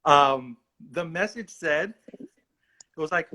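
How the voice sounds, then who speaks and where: A man's voice: a little high, animated, moderate pace, bright, forceful tone. A male actor telling a rambling, self-mocking story in a casual livestream chat. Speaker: actor guest.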